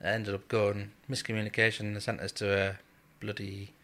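Speaking fairly quickly in a low-leaning, rather bright voice that barely rises or falls, this man shares a service-days story on a podcast. He's there as a guest who used to serve in the RAF, and he talks plainly, cursing freely and laughing often.

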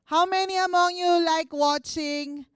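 A woman's voice: extremely high pitch, fairly even intonation, a little slow, no echo, clean studio sound. A woman pastor with a Filipino accent giving a conversational sermon, putting questions to the congregation. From Philippines. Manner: conversational, mixes Tagalog into English, asks the congregation questions. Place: church service.

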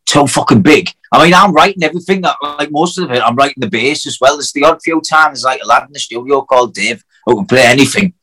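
A man's voice: mid-range voice, sharp tone, slight background noise, rough recording. A man from Hartlepool with a North East English accent, an acoustic singer-songwriter chatting casually, swearing freely and full of fillers. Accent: Hartlepool, North East England. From Hartlepool, England. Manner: swearing, fast, lots of fillers. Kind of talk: casual chat.

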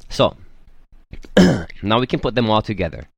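A man with a lowish voice teaching a language class, slow and careful, sounding each vowel aloud for his students. The recording is dry and close. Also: big pitch swings, creaky, a little mellow, no echo. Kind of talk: patient classroom instruction.

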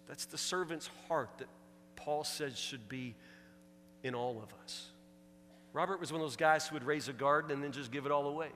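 A male pastor from a small American town preaching a storytelling sermon in a church, swinging between loud and soft. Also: on the high side. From Woodburn, US. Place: church sanctuary. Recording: reverberant church hall, faint hum.

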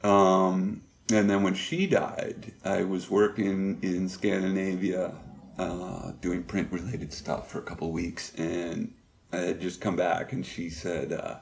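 A middle-aged man telling personal stories as an interview guest, halting and reflective with many pauses. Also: low voice, level tone, vocal fry. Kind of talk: candid personal storytelling.

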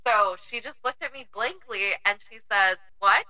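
A woman's voice: a little high, normal speed, bright, forceful tone, lo-fi sound. A woman guest on a podcast telling a personal story in casual chat, emphatic and swearing freely.

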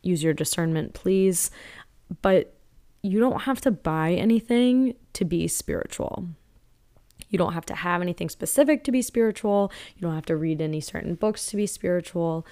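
A young woman talks alone on her podcast in a loose, earnest monologue. Her voice sits a little low for a woman. She wanders through her thoughts with plenty of "like" fillers. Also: normal speed, dark tone. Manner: earnest and rambling, many "like" fillers. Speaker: podcast host. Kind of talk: casual spiritual podcast monologue.

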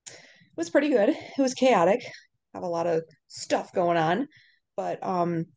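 A woman's voice: fairly low pitch, expressive, measured pace, darkish tone. Chatty woman sharing mom stories. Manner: chatty, self-deprecating humor. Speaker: podcast co-host. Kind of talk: casual chat.

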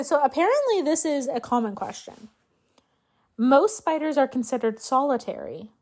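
A young woman hosting a casual solo podcast, ranting with profanity and sarcasm and thinking aloud as she looks things up. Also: a little high. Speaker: podcast host.

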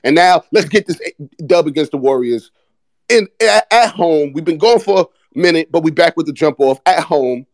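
Young ny guy hosting a sports pod, fired up and cursing, kinda high voice, dry close mic. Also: normal speed, no room sound. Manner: animated, profane, hyped fan rant. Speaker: podcast host. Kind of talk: casual sports talk.

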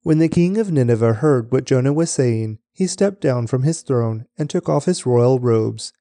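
Male scripture reader, very dark and mellow tone, measured delivery, dry close mic. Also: medium pitch, expressive, no echo. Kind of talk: steady scripture reading.

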